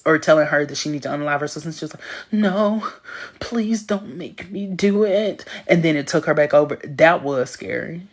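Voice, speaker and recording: A woman hosting a casual livestream, chatting with viewers and reading their comments in an animated, emphatic way, laughing often. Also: sits low. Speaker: livestream host.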